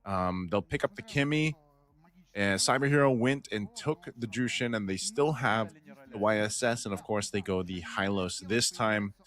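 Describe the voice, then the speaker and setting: A man's voice: fairly low pitch, moderate pace, a bit bright. A man hosting live esports commentary, chatty and upbeat, often laughing with his co-caster.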